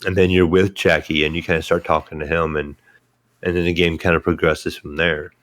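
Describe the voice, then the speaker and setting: Brief: low-voiced male podcast co-host, relaxed and easygoing. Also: brisk. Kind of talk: casual podcast chat.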